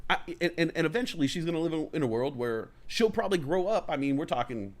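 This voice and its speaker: A lively, fast-talking man with a slightly high voice hosts a talk show, casually telling a long, profane, rambling story and voicing angry quotes. He comes from the California Bay Area and is the adult parent of a young child.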